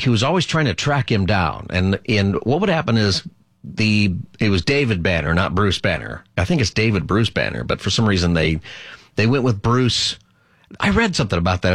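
A man's voice: low voice, a bit bright, no echo, studio quality. A middle-aged man hosting a call-in radio talk show, chatty and rambling, often laughing.

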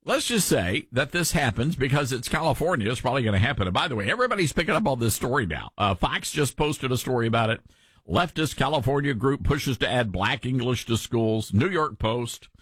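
A man's voice: mid-range voice, lively intonation, fairly quick, a bit bright, breathy edge, no room sound, clean studio sound. A man from Tennessee with a mild Southern accent, hosting a talk radio show in a folksy, opinionated way.

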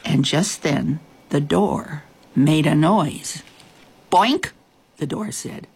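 Female storyteller, husky, low, very expressive children's narration. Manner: expressive, drawn-out reading.

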